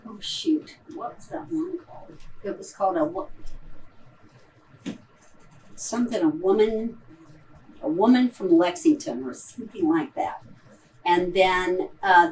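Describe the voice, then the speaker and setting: A woman with a Midwestern American accent speaks slowly and a little low, picked up from a distance in a theater with a faint hiss underneath. She rambles through her answers with plenty of ums and false starts, in casual post-show talk. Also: a little mellow. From Ohio. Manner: rambling, hesitant, lots of ums and restarts. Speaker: stage actress in a post-show talkback. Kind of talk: casual talkback answering audience questions. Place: theater auditorium.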